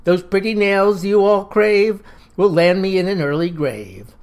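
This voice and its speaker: An eager, chirpy woman reciting with her back ramrod straight, keen to be picked first, as a storyteller puts her on. Her voice is pitched higher than the teller's own and pushed a little louder. It belongs to a spoken storybook reading. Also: a little slow, lightly acted. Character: eager, outspoken woman nail-salon worker.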